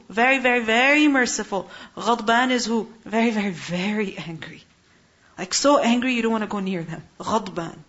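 A woman's voice: a little high, a bit bright. A woman teaching a Quran lesson, explaining Arabic words and asking her listeners questions. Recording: muffled lo-fi recording.

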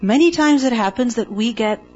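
A woman's voice: fairly high pitch, moderate pace, a little mellow, lo-fi sound, faint music behind. A woman teaching the meaning of a Quranic word to a class, speaking emphatically and checking in with rhetorical questions.

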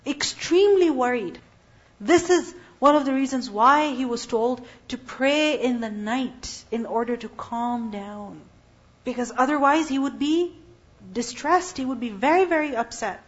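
A religious teacher with a high voice delivers an Islamic lecture at an unhurried pace, putting questions to her listeners and then answering them herself. The recording sounds dull and lo-fi.

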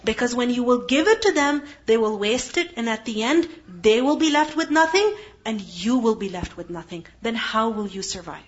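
A woman's voice: on the high side, animated, normal speed. A woman teaching a Quran lesson, explaining Arabic terms and asking her class rhetorical questions. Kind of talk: religious lesson. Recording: dull lo-fi recording.

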